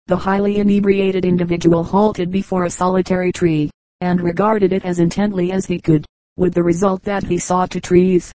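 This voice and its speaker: A woman reading a collection of short humorous anecdotes aloud as scripted narration, with a steady, even delivery. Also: fairly low pitch, moderate pace, no room sound, poor audio. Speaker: audiobook reader.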